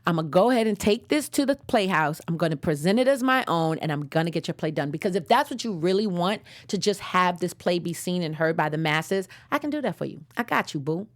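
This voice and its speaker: A woman's voice: on the low side, lively intonation, brisk, hardly any pauses, no room sound, lightly acted. A woman voicing a laid-back, scheming male pig who talks in casual slang. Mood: smug.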